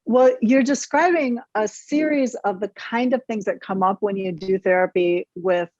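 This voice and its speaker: A woman therapist talks frankly on a podcast with energy and the odd mild curse. Her voice sits at an ordinary pitch. It comes through a dull, slightly muffled and very dry recording. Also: normal speed, darkish tone, dry recording. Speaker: therapist guest. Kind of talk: podcast interview.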